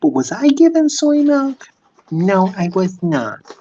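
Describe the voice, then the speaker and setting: Man putting on a shrill entitled woman customer. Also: huge pitch swings, slow pace, mellow, muffled recording, a little hiss or hum, full character voice. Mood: whiny. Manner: shrill and whiny, drawn out. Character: entitled complaining middle-aged woman customer.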